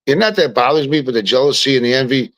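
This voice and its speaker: An animated man, talking at an everyday middle pitch. He tells stories in a loose, casual way, repeating and restarting words as he goes. The sound is close and dry. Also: quick pace, dry recording, low-quality recording. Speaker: podcast guest. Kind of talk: casual storytelling chat.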